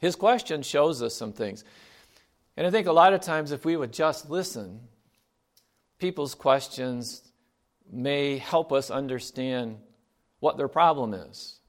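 A man's voice: mid-range voice, animated, unhurried, long pauses. A man giving a sermon in a conversational way, reading scripture aloud and asking his listeners rhetorical questions. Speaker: preacher.

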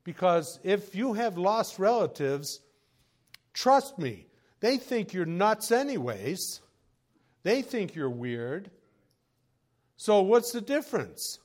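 Slow-talking pastor, folksy and lively. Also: male voice, high voice. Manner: folksy storytelling, chuckles, swings from quiet asides to raised exhortation. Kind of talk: sermon.

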